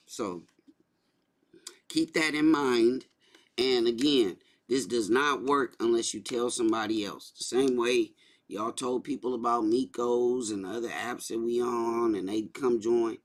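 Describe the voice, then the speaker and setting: A man hosting a casual livestream, talking loosely and repeating his points. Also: mid-range voice. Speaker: livestream host.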